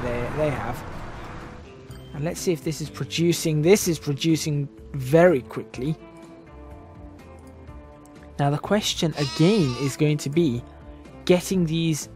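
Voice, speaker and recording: A man's voice: a little high, a little mellow. Musing man narrating gameplay. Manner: thinking aloud, musing and self-correcting. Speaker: gaming channel host. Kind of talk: casual gameplay commentary. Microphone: desk microphone, voice drifting in and out.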